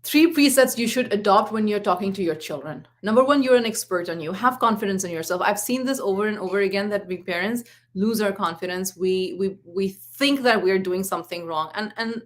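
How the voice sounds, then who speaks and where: A woman's voice: medium pitch, fairly quick, hardly any pauses. A woman in her forties, a parenting coach, giving a live talk and telling stories from home with quoted exchanges. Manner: earnest, storytelling with acted quotes.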